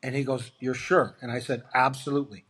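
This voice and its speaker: Man telling animated locker-room stories. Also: medium pitch, a little fast, slightly rough. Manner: animated anecdotes, acts out quoted dialogue. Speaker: interview guest, former hockey player. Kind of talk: storytelling in a casual interview.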